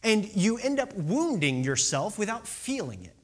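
Lively, animated preacher. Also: medium pitch, moderate pace. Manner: animated, rhetorical questions, drops to whispers for emphasis. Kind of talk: conversational sermon.

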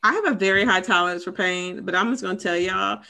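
A woman's voice: mid-range voice, fast talker, vocal fry, pushed and bright. A woman in her thirties co-hosting a podcast, telling a personal story in a candid, casual way with lots of fillers. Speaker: podcast co-host.

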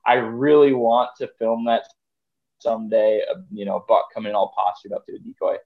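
A deer hunter chats casually as a podcast guest, rambling along with lots of filler words. His voice is lowish and a little fast. The audio sounds narrow and tinny.

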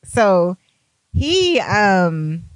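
A young woman telling a party story, animated and profane, acting out what people said. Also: medium pitch, drawn-out words, dry recording. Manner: animated, profane, acts out quotes. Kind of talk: casual storytime.

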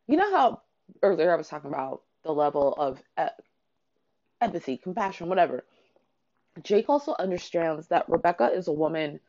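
Low-pitched woman, casual book recap, excitable and sweary, dry slightly lo-fi audio. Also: gravelly, no room sound. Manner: excitable, swears freely, lots of "like" fillers. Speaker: book reviewer. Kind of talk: casual spoiler-filled book chat.

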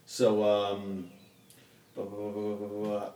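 Man, low voice, rambling casual film recap, echoey room, off-mic. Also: monotone, a little slow, mellow, slight background noise. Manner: rambling, laid-back, slangy. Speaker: podcast co-host. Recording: roomy and distant from the mic.

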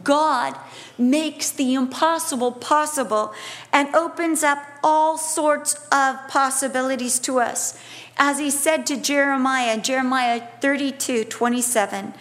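A woman preacher delivering a sermon, expressive and emphatic, with humorous conversational asides. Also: high-pitched, unhurried. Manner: expressive, swings between emphatic and hushed delivery.

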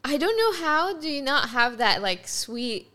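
A woman's voice: high voice, very animated, a little slow, sharp tone. Laughing woman podcast co-host. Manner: laughs often, teasing reactions. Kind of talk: casual chat.

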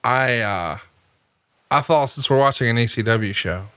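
A man's voice: mid-range voice, unhurried, pushed and bright, no echo, clean studio sound. A man hosting a podcast, teasing and needling his co-host with sarcasm. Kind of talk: casual podcast banter.

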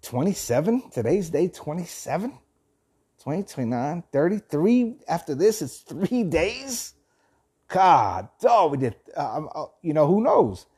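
A man's voice: a little high, sing-song, unhurried, darkish tone, breathy edge. A man reading a passage aloud and then giving an earnest motivational talk, often repeating and restarting his phrases. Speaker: host of a thirty-day motivational journey.

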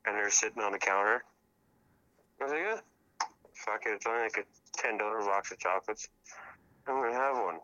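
A man's voice: on the low side, a little fast, pauses often, bright, forceful tone, no room sound, muffled recording. A man calling in by phone, telling a profane, laughing story in casual chat. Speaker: caller. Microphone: phone call.

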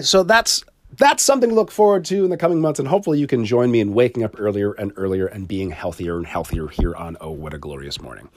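A man's voice: mid-range voice, dry recording, clean studio sound. A middle-aged man hosting his solo podcast, talking casually with sarcasm, frequent swearing and laughs at his own jokes. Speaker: podcast host. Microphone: studio mic.

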